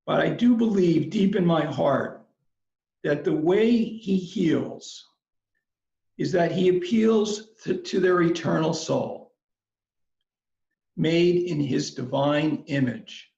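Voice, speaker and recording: A man delivers a commencement address in a slow, unhurried way, with a gravelly edge and a fairly high pitch. His telling is measured and reflective. The recording is roomy and a little dull. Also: darkish tone. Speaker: commencement speaker.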